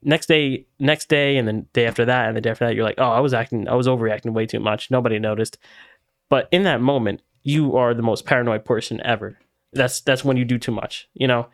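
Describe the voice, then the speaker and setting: A man's voice: mid-range voice, steady tone, fast talker, no room sound. A young man co-hosting a podcast, laid-back and streetwise, dropping slang like "bro". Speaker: podcast co-host. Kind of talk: casual chat.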